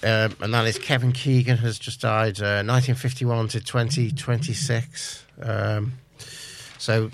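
A man's voice: on the low side, flat delivery, unhurried, a little hiss or hum. A man co-hosting a community radio show in a studio, hesitant and slightly under the weather. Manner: hesitant, with many fillers and restarts. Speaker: radio co-host. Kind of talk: casual community radio chat.

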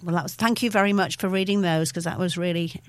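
A woman hosting a radio show who chats casually and speaks in an appreciative, halting way. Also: on the low side, fairly even intonation, dry recording. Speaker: radio host. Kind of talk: casual chat.

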